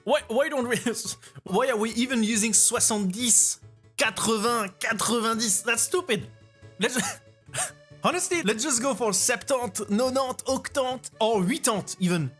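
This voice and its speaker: A man's voice: extremely high pitch, unhurried, fairly bright tone, soft background music. A man with a French accent, a native French speaker, giving casual reaction commentary while stammering and repeating words. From France. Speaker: streamer reacting to a video.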